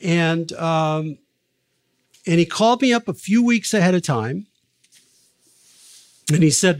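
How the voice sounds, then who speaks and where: A man's voice: on the high side, takes it slowly, pauses often. An older man, a record producer, telling long anecdotes in an interview, with many fillers and restarts. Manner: lively raconteur, many fillers and restarts, acts out quoted lines. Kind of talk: anecdotal storytelling in a podcast interview.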